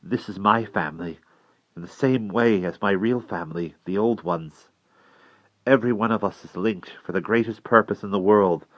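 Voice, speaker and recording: A man's voice: lowish voice, normal speed, a bit bright, no room sound, lightly acted. A man voicing an awed young boy. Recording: dry, slightly dull recording.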